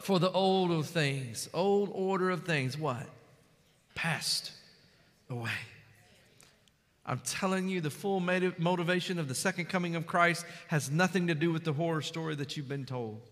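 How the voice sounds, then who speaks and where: A man preaching a sermon, emphatic, building up to loud climaxes and asking the congregation for amens. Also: a little high, normal speed. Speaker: pastor. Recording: long hall reverb.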